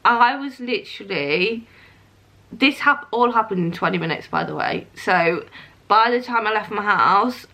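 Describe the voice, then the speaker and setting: A woman's voice: mid-range voice, pushed and bright. A young woman, chatting casually as she tells a story to camera, laughing often and acting out what others said. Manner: chatty, laughs often, acts out quoted lines. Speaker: vlogger.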